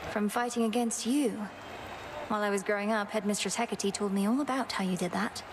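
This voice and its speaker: A woman's voice: medium pitch, fairly even intonation, a little fast, heavy background noise, close to an everyday voice. A woman voicing a poised young witch princess of the underworld in a video game, polite and slightly formal. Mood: composed. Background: game music.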